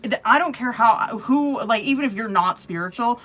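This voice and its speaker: Cussing tarot lady on a webcam livestream, bright voice, blunt and loud about it. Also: a little high, normal speed. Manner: profane, blunt and animated, slangy. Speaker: tarot reader. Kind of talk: live-stream tarot reading.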